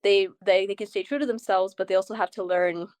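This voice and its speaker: A young adult woman joins her mother as a guest on an interview show. She tells her stories in a chatty, animated way, full of quick asides. Her voice sits at a middle pitch in a dry, close recording. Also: no room sound. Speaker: guest's daughter. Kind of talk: casual interview chat.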